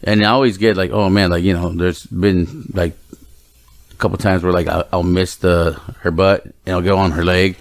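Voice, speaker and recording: A man's voice: sits low, steady tone, moderate pace. A man in his thirties co-hosting a podcast, speaking in a laid-back, rambling way and laughing often. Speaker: podcast co-host. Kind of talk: casual chat.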